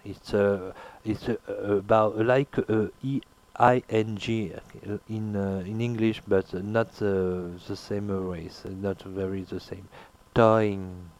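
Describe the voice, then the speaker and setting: A man with a lowish voice teaches pronunciation at a very unhurried pace. He hesitates constantly, filling gaps with "uh" and repeating each word to model its sound. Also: steady tone, a little mellow. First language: French. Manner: hesitant, many filler pauses, repeats words slowly to model sounds. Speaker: language teacher. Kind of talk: pronunciation lesson.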